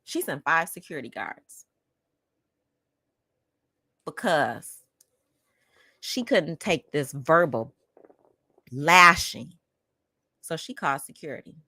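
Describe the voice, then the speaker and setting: Speaking slowly with long pauses and lively intonation, a woman hosting a podcast tells her own story to listeners in an outspoken, emphatic, heated manner. Her low voice is bright and forceful, and the recording is dry.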